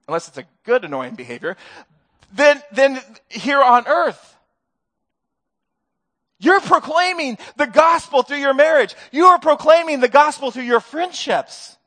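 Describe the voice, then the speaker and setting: A middle-aged pastor with an extremely high, fairly bright voice preaches to his church in the sanctuary. His sermon is earnest and conversational, with touches of self-deprecating humor.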